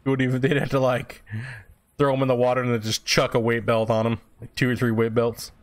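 A man's voice: medium pitch, flat delivery, fairly quick. Casual chatty male game streamer. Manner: chatty, loose and profane, answering chat. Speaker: gaming streamer. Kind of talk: casual live-stream chat.

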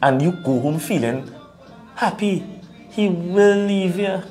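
A man's voice: high voice, takes it slowly, soft background music. A man with a Trinidadian accent, co-hosting an opinionated talk show and lecturing his listeners. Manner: animated, preachy, laughs at his own points.

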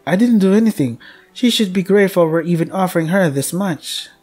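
Haughty noblewomen who taunt in high, sing-song sneers, put on by a man reading a game. Their mockery sits over soft game music. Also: lively intonation, brisk, slightly rough. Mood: cruel taunting. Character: cruel, mocking noble ladies at a party. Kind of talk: voicing a visual novel character.

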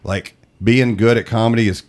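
A young man on a podcast, telling comedy stories in a casual, animated way and playing the people he quotes in raised voices. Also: fairly low pitch, moderate pace. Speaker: guest comedian.

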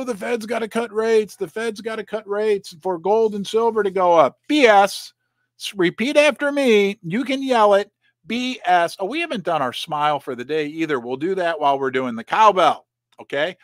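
An animated man hosts a precious metals show, reading headlines and riffing on them with jokes. His voice sits fairly high and swings widely in pitch. The sound is dry and close, with no room around it. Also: no echo. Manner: animated, jokey, exclaiming and mock-quoting. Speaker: host of a precious metals channel. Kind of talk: casual chat reading news articles.

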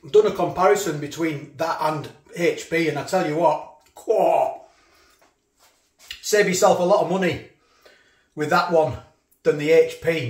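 A man's voice: on the high side, unhurried, pauses often. A man reviewing food in a casual vlog, chatting away between mouthfuls and repeating himself. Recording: roomy echo.

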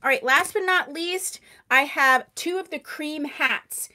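High-voiced woman gushing on a live sale. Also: unhurried. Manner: chatty, gushing over products, answering viewers by name; tends to talk loudly. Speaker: wig seller hosting a live sale. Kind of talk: live-stream sales chat. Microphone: microphone.

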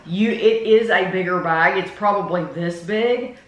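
A woman's voice: mid-range voice, measured pace. A woman hosting a casual snack taste-test video, chatty and enthusiastic, reading out package labels. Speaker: host. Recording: echoey room with faint noise.

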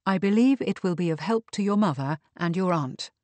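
A woman voicing a tactful young lady investigator who speaks in a measured, careful way. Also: fairly low pitch, lively intonation, a little mellow, no echo, lightly acted. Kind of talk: audiobook character reading.

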